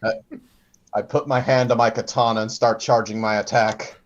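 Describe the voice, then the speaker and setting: A man's voice: medium pitch, flat delivery, moderate pace, highs cut off. A man playing a tabletop game who states his character's actions in a dry, matter-of-fact way. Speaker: player.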